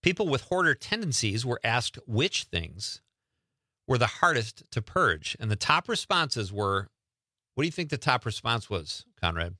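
A man's voice: medium pitch, very animated, unhurried, sharp tone, no room sound, clean studio sound. A man hosting a show, chatting casually and joking at his own expense. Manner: chatty, joking, self-deprecating. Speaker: show host. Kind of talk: casual radio-style chat.

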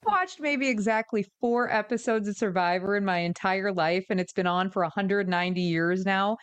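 A woman from the United States co-hosting a podcast in relaxed, casual chat. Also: mid-range voice, moderate pace, clear, resonant tone, dry recording. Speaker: podcast co-host.

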